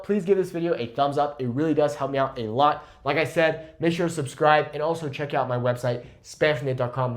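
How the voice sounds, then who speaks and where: A man teaching Spanish pronunciation in an energetic, emphatic online lesson, often checking in with "okay?". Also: a little high. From Mexico.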